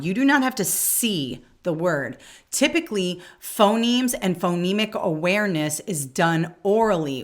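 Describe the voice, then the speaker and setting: A woman with a somewhat low voice explains exam questions step by step. She sounds like a coaching tutor, often stopping to check in with "okay?" as she rules out answers. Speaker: test prep instructor.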